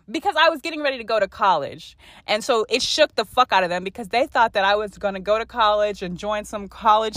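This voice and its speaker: A woman in her twenties hosting a podcast, telling a candid personal story in a blunt, profane, animated way. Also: mid-range voice, no room sound, clean studio sound. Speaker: podcast host.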